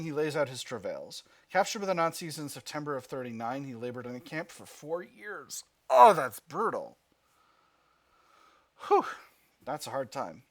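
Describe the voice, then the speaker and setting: A man at a middle pitch reads a game's story passages aloud with lots of rise and fall in his voice. Between them, this gaming channel host thinks out loud, trailing off and restarting as he weighs his options in let's-play commentary.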